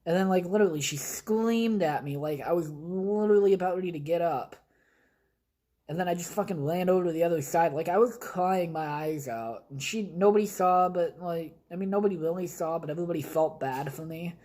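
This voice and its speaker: Mellow, profane young man rambling. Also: fairly high pitch, brisk, rough recording. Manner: rambling, heavy swearing, blunt. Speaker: podcast host. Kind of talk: casual storytelling monologue. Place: basement at home.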